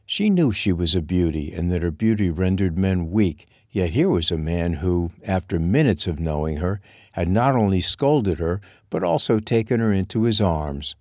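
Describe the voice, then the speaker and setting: Deep-voiced man narrating a novel. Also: animated, normal speed, darkish tone, dry recording, clean studio sound. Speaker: audiobook narrator. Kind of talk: scripted narration.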